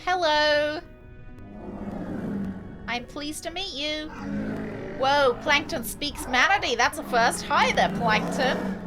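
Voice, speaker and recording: A woman's voice: high voice, lively intonation, takes it slowly, pauses often. Playful, crude woman streaming a game. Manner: playful, crude, giggly, jokey. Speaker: streamer playing a video game. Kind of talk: casual live-stream commentary. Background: game music.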